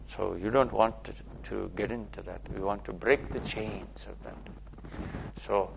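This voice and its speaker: A man's voice: on the low side, animated, normal speed, creaky, slight background noise. A man, a spiritual teacher, giving a playful, repetitive talk to listeners, often checking in with "okay?".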